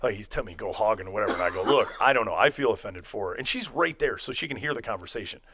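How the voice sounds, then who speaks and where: A man's voice: fairly low pitch, very fast, slight background noise. A young man casually telling a long, profane story on a podcast, acting out quotes as he rambles. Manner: rambling, profane, animated retelling with acted-out quotes.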